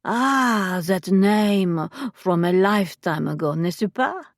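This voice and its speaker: Woman voicing a husky French madame. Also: animated, takes it slowly, dry recording, clean studio sound. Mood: suave. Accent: French (put on). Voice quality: husky and low. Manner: smooth and inscrutable. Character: aging French brothel madame, composed, brazen. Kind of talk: audiobook character voice.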